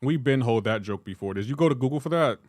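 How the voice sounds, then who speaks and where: A young man live-streaming a mobile game, joking back and forth with his chat in a casual, animated way. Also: medium pitch, fast talker, no room sound, studio quality.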